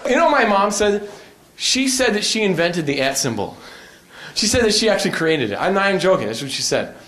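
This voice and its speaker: Lively man doing stand-up in a roomy venue. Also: high voice, fairly quick. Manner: lively, conversational storytelling. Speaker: stand-up comedian. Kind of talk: stand-up comedy. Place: live comedy venue.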